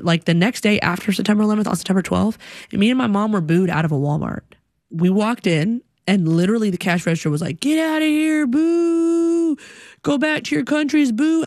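A woman's voice: medium pitch, dry recording, studio quality. A young woman telling a personal story, acting out the people she quotes in shifting voices. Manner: animated, acts out quotes in voices.

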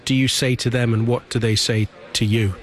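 A man interviewing guests in a broadcast speaks in a mid-range voice. He is gentle and a little stumbling as he asks his questions. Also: mid-range voice, steady tone, moderate pace.

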